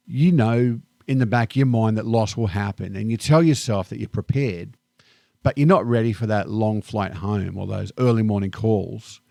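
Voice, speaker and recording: Reflective Australian man, low gravelly voice. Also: no room sound, studio quality. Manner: calm, unhurried and thoughtful. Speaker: vlogger. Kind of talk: reflective personal monologue.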